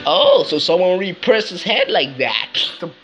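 A speaker in playful banter, complaining and accusing the others in an animated way. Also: medium pitch, a little slow, lo-fi sound, music in the background. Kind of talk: playful banter over toys.

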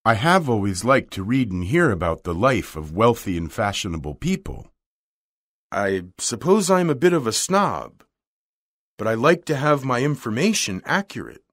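A man's voice: mid-range voice, very animated, normal speed, a bit bright, no room sound, studio quality. A man voicing an ordinary young man who speaks politely and hesitantly. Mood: earnest.

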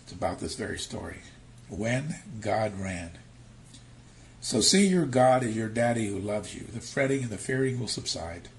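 A man preaching a sermon, telling stories with animated, shifting emphasis, from near-whispers to loud stresses. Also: medium pitch, a little fast, hardly any pauses, slight background noise. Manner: animated storytelling, acting out quotes.

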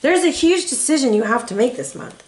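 A woman's voice: high-pitched, animated, brisk, darkish tone. A woman in her thirties giving a casual, chatty tarot reading, emotional and full of rambling asides. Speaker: tarot reader. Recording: echoey room.

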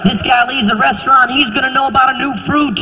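A man in his twenties performing a stand-up comedy routine, animated and incredulous, sometimes bursting into shouts, on a handheld mic on a theater stage. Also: very high-pitched, fast, background noise. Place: theater stage before a live audience. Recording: reverberant live hall, faint ambience.

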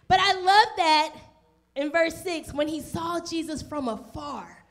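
A woman's voice: very high-pitched, moderate pace. A woman pastor preaching a sermon in a church, emphatic and folksy, often asking the congregation questions. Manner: conversational, slips into casual folksy speech. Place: church, also streamed online.

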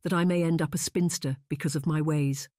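A woman's voice: deep voice, steady tone, brisk, warm tone, no echo, clean studio sound, natural voice. A woman narrator voicing a tearful, emotional young woman who wails and pleads, in an audiobook reading. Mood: distraught. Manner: wailing, pleading.

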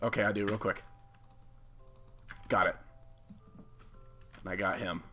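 A young man giving jokey, excitable commentary on his own game as he plays. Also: fairly low pitch, measured pace, faint music behind. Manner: excitable, jokey, self-mocking. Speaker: gaming video host. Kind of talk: casual gameplay commentary.

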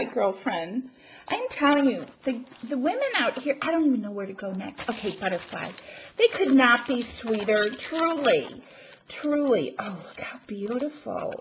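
A woman crafting vlogger, not feeling well, gushing and gasping with excitement as she opens a gift package at home and chats to the camera. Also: on the high side, background noise. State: feeling unwell. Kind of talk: excited unboxing chat to camera.

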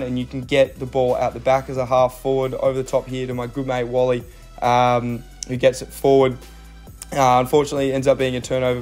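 A man's voice: mid-range voice, darkish tone. A young man with an Australian accent talks casually over his own game footage, mixing coaching tips with self-deprecating asides and many fillers.

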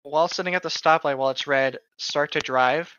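Chatty podcast co-host, bright and sharp-toned; dull lo-fi recording. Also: medium pitch, a little fast, clean tone. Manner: chatty, laughs often, says "like" a lot. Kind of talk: casual podcast chat.

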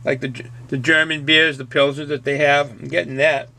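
A man's voice: a little high, flat delivery, a little fast, vocal fry, pushed and bright, a little hiss or hum. A middle-aged man with a Boston accent chatting casually through a beer review, rambling and folksy and often repeating himself.

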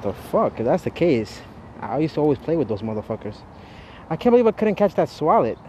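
A man doing a casual live walking vlog while playing a mobile game, chatty and profane, with loud exasperated outbursts. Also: fairly high pitch, very animated, fairly quick, highs cut off. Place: outdoors on a city street, walking. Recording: noisy city street, traffic behind.

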